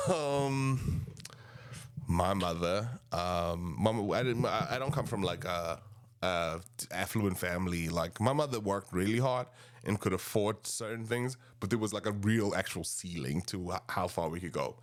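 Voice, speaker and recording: A man in his thirties with a South African accent, rambling and animated as he tells casual stories about his past. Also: on the low side, unhurried. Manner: rambling, animated, restarts often. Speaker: podcast host. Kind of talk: casual storytelling monologue.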